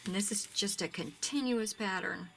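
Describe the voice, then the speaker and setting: A woman's voice: mid-range voice, moderate pace, creaky, background noise. A woman casually showing off ribbons from her craft shop, chatty and gushing, often dropping to a near-whisper. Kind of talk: casual product show-and-tell.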